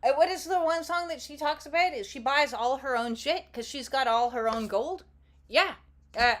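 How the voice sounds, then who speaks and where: A woman hosts a casual live card-reading stream, talking to her viewers in a rambling, playful way and swearing now and then. Her voice is high-pitched and her speed is normal.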